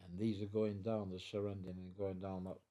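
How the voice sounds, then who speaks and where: A man in his nineties telling his wartime story at home, halting and repeating words, acting out the voices of others. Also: deep voice, flat delivery, mellow. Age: 90s. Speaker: veteran guest. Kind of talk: storytelling in an interview. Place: living room at home.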